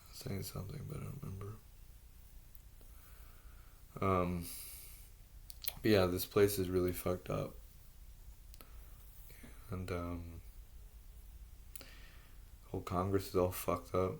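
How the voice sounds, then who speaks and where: A man in a profane, exasperated solo rant, firing off repeated rhetorical questions, his voice jumping up and getting louder in bursts, then sinking low and quiet. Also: monotone, unhurried, pauses often. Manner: voice rises and gets louder in bursts, then drops low and soft. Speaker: vlogger. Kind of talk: ranting monologue to camera.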